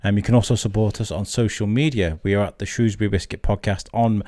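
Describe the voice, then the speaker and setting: A man's voice: lowish voice, fairly even intonation, fast talker, no echo. A man hosting a podcast, chatty and friendly with plenty of ums, interviewing guests at an outdoor event. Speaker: podcast host. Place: outdoor event with music behind. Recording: outdoor event with loud music behind. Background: live music.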